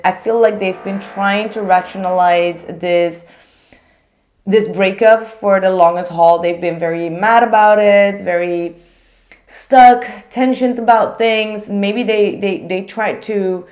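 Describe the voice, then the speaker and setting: Young woman, tarot reader, chatty, animated, lots of fillers, mid-pitched voice. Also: takes it slowly. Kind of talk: casual tarot reading monologue.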